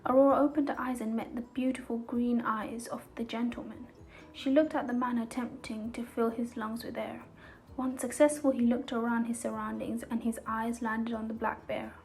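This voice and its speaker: Woman, storybook narration, calm even reading, higher voice, faint music. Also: poor audio. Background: soft background music.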